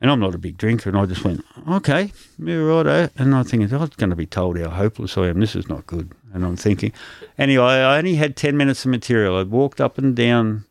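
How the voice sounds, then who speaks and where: A man's voice: lowish voice, expressive, quick pace, no room sound. An Australian man, a comedian, telling anecdotes in a casual interview and acting out other people's lines. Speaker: comedian guest.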